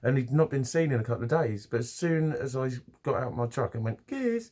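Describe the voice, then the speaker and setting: A man's voice: medium pitch, lively intonation, a little fast, few pauses, a little mellow. Rambling, swearing man. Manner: rambling, swearing, many restarts and fillers. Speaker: vlogger. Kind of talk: casual rambling vlog to camera.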